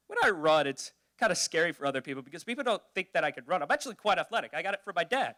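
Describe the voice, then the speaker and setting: Young male stand-up comic, animated storyteller, bright tone that swings wide. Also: fast. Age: young adult. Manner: animated storytelling, jumps to high squeaky voices for quoted people. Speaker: stand-up comedian. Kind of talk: stand-up comedy routine. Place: youth event stage.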